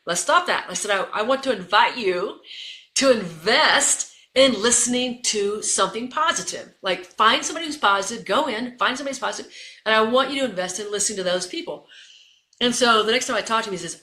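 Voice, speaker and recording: A woman's voice: on the high side, lively intonation, a little fast, pushed and bright, reverberant. A woman leadership coach, a guest in an interview, talking with energy and repeating phrases for emphasis.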